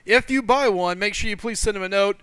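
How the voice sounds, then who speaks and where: A man hosting a live gaming stream, talking fast with excitement and reading chat out loud. His voice is high and bright, crisp and clean, recorded dry and close. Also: no room sound. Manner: excitable, laughs often, reads chat aloud.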